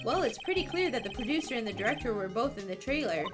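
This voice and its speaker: A woman's voice: a little high, big pitch swings, fast, music in the background. A woman voicing a young male defense lawyer, plain and matter-of-fact. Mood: focused.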